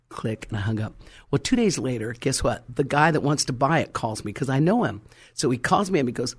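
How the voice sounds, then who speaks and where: A woman preacher telling a testimony in a dramatic, animated way, acting out dialogue and breaking into fervent prayer. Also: very deep voice, fairly quick, breathy edge. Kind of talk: testimony sermon storytelling.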